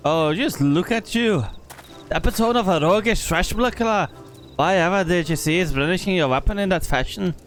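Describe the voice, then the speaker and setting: A man's voice: high-pitched, moderate pace, soft background music, pitched above the performer's own voice, lightly acted. A man voicing a refined, eager young nobleman who speaks in a polished, theatrical way. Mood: flattering.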